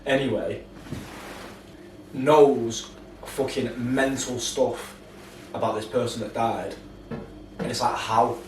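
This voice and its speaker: A man's voice: medium pitch, fairly even intonation, slow pace, long pauses. A man, co-hosting a podcast, telling a story carefully with many fillers. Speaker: podcast co-host. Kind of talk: casual chat. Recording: roomy, distant mic with faint noise.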